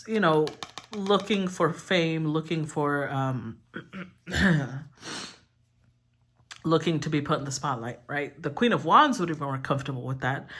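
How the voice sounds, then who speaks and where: A woman's voice: low-pitched, fairly bright tone, husky. A woman giving a casual collective tarot reading, talking in a rambling, candid way and swearing freely. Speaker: tarot reader.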